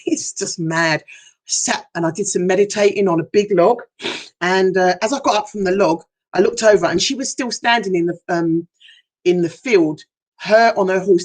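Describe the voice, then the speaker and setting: A middle-aged woman hypnotherapist telling a personal story in a heartfelt, emotional way on a livestream. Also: medium pitch. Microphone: livestream setup.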